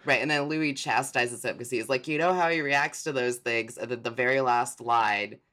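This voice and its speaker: A man's voice: medium pitch, moderate pace, sharp tone. A man co-hosting a casual podcast chat, enthusiastic and rambling, with lots of fillers. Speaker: podcast co-host.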